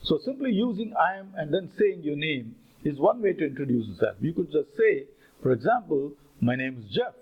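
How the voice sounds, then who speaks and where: A man teaches phrases, his pitch swinging widely as he reads out sample dialogues. His voice is a little husky and sits fairly high. The recording sounds dull and lo-fi. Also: sing-song, moderate pace. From India. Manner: explains phrases, then reads out example dialogues. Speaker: English teacher. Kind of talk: spoken language lesson.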